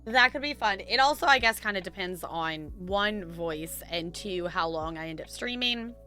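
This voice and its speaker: A woman streamer chats loosely with her viewers, rambling and laughing often. Her voice is bright and sharp but strained and squeaky today. Faint music plays under her. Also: expressive, moderate pace, clean tone. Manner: chatty, giggly, rambling. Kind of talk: casual chat with chat viewers.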